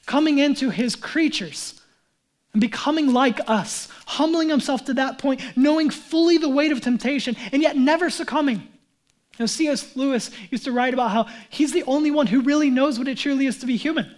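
A man's voice: extremely high pitch, moderate pace. Fervent male pastor preaching. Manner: fervent and emphatic, later soft and prayerful. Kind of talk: sermon and closing prayer.

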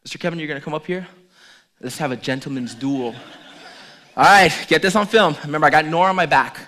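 Man, pastor, playful and joking, fairly high voice, lively sermon. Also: quick pace. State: out of breath at times. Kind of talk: lively sermon with audience demonstration.

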